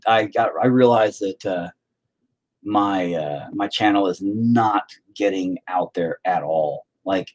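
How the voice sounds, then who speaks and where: A man's voice: mid-range voice, darkish tone. A man in his forties chatting casually on a live stream, rambling, profane and sarcastic. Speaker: live-stream host and musician.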